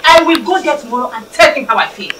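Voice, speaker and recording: A woman's voice: high voice, lively intonation, fast, noisy background. An actress playing a protective, indignant mother, speaking Nigerian English. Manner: indignant, scolding. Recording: echoey room, mic far off.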